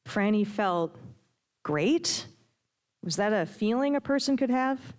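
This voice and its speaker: A woman reading her own fiction aloud with a steady storytelling delivery. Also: medium pitch, slow pace. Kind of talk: prose reading.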